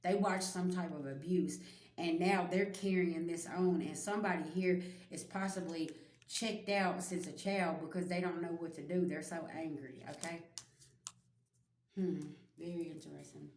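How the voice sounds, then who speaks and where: A woman's voice: fairly low pitch, fairly even intonation, normal speed, darkish tone, reverberant, a little hiss or hum. Blunt, cussing woman giving a spiritual reading. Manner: blunt, profane and emphatic, talks straight to viewers. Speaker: spiritual reader. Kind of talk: casual spiritual reading to viewers.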